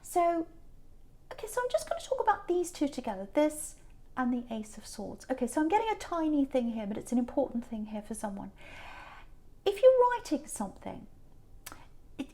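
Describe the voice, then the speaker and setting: A woman's voice: fairly high pitch, sing-song, a little fast, dark tone. Earnest woman giving a tarot reading. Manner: earnest, repeats herself for emphasis. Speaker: tarot reader.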